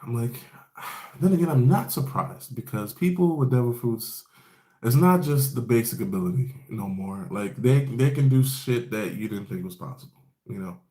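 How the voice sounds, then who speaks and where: A man's voice: medium pitch, expressive, moderate pace, warm tone. Laid-back man recapping with roomy echo. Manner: rambling, profane, laid-back storytelling with fillers. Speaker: anime episode recap host. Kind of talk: casual episode recap.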